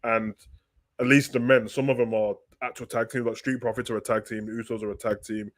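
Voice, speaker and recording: A man with a mid-range voice hosts a live wrestling talk stream at a brisk clip. He reads viewer questions out loud and answers them in loose, slangy, animated chat.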